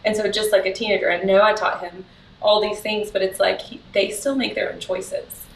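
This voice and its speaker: A woman's voice: medium pitch, flat delivery, moderate pace, creaky, slight background noise. A woman talking candidly as a parent in a group discussion, laughing often. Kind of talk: casual chat. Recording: echoey room, mic at a distance.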